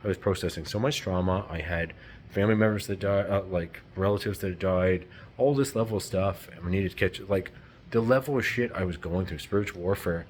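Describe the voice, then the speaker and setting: A man's voice: sits low, fairly quick, a little hiss or hum. A man talking in a rambling, heated, profane unscripted monologue.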